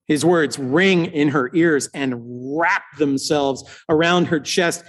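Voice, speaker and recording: A male preacher retelling a scripture story as a slow, dramatic sermon with long pauses. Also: on the high side.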